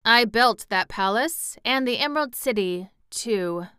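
A woman's voice: on the high side, lively intonation, measured pace, bright, forceful tone, clean tone, no room sound, clean studio sound, pitched above the performer's own voice. A woman voicing a kindly, wistful little old man, a wizard, speaking thoughtfully.

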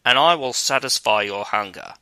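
A man voicing a clever, vengeful male sparrow in a fairy tale, in a brisk, confident manner. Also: medium pitch, bright, forceful tone, dry recording. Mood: friendly.

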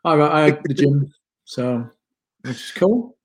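Man, British accent, chatty, joking, morning show co-host, fairly high voice. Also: lively intonation, measured pace. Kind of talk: casual morning show chat. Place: home kitchen.

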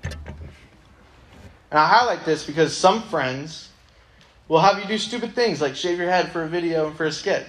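Young man, youth pastor, relaxed conversational preaching, slightly high pitch. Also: measured pace, long pauses. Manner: casual, conversational, many ums. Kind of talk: sermon with Bible reading.

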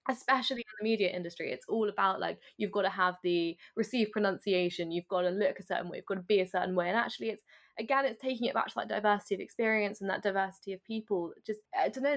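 A woman from Essex, hosting an interview with a neutral southern English accent. She talks quickly and articulately, with her thoughts tumbling out at a brisk pace. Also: medium pitch. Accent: neutral southern English, Essex accent mostly lost. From Essex, England. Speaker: podcast host. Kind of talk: casual interview chat.

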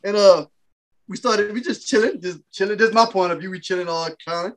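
A man hosting a casual podcast, telling a rowdy story with loud animated bursts and laughter. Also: high-pitched, a little fast. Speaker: podcast host.

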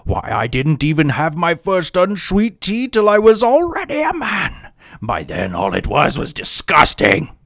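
A man putting on a grandiose, menacing male villain voice with a booming, mock-dramatic delivery. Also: huge pitch swings, unhurried, gravelly, fairly bright tone, no echo, studio quality, heavily acted.

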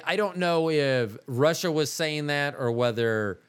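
A male podcast host telling a story in a casual, animated way, with some swearing. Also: on the high side, a little slow, clean tone. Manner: animated, profane, laid-back.

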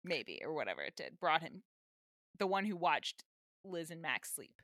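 Woman, podcast co-host, bright tone, lively pitch swings, dry close sound. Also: normal speed, no room sound. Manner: animated, exasperated, swears casually. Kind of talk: casual rewatch podcast chat.

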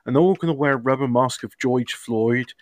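A man's voice: medium pitch, brisk, crowd noise. A man in crude, casual podcast banter, joking and stumbling over words.

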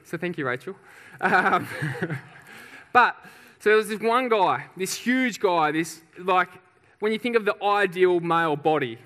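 A man preaching a sermon, telling a personal story with laughs and acted-out shouts. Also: sits high. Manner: lively storyteller, laughs often, acts out shouts. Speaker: pastor. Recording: reverberant hall.

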